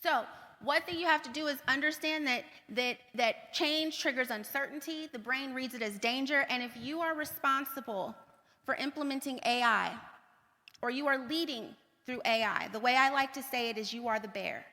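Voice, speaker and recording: A woman giving a conference keynote talk, energetic, repeating points for emphasis and checking in with the audience. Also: sits high, normal speed. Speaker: keynote speaker. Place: large conference hall. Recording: long hall reverb.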